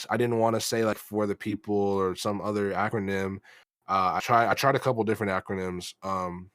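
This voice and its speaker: A young American man, a rap artist, answering interview questions in a monotone, halting way, with many fillers and restarts. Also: lowish voice, dry recording. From United States.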